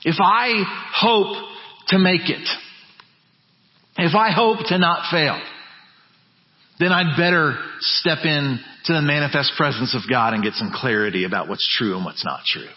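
A man preaching a sermon as pastor, emphatic, dropping to low quiet phrases and building back up. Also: measured pace. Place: church sanctuary. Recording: muffled church recording with long reverb.

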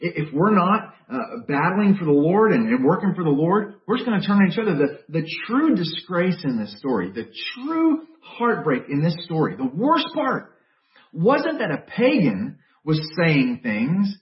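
A man preaching a sermon and telling the story in an animated way, with jokey asides, recorded in a church hall with roomy, dull sound. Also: on the high side, moderate pace, recorded from a distance. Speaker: pastor.

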